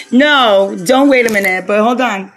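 A woman's voice: medium pitch, fairly bright tone. A woman hosting a podcast, running a comic call-in bit in a playful way and laughing often. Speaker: podcast host.

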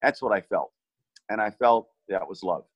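A man's voice: lowish voice, moderate pace, no echo, rough recording. A middle-aged man earnestly recounting a rescue he led, often restarting and repeating words as he remembers. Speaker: relief team leader recounting a rescue. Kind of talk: personal storytelling in conversation.

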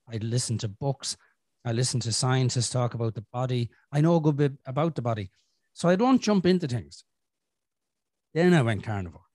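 An Irish man hosting a podcast, talking frankly and swearing, rambling with restarts and clearing his throat from a chest infection. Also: medium pitch, a little mellow, no echo. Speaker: podcast host. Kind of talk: casual podcast chat.

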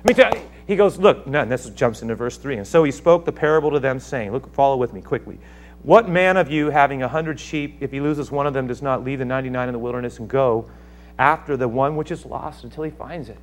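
A pastor preaching a sermon, swinging between hushed asides and loud, emphatic passages. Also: male voice, mid-range voice, a little fast.

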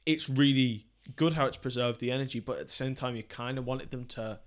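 A man's voice: medium pitch, brisk. A man chatting casually about a film as podcast co-host, laughing easily and trailing off mid-sentence.

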